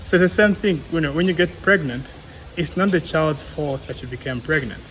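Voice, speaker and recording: A man's voice: on the high side, a little fast, a bit bright, a little hiss or hum, low-quality recording. A young man with a Ugandan English accent, co-hosting a casual discussion podcast and arguing his view earnestly with everyday examples and many fillers. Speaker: co-host, clinical psychologist.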